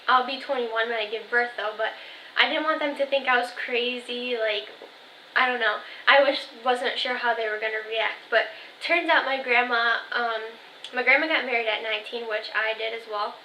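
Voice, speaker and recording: Chatty twenty-year-old woman, bright voice. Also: on the high side, fairly even intonation, moderate pace, slight background noise. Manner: chatty storytelling, full of "like" and "um", quoting family texts. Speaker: vlogger. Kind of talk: casual chat to camera. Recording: echoey room.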